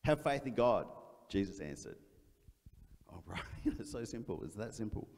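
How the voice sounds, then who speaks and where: A man's voice: lowish voice, sing-song, normal speed, creaky, darkish tone. A male pastor preaching a sermon, telling a story with energy and acting out the voices of the people in it. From Australia. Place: church auditorium. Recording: church hall reverb.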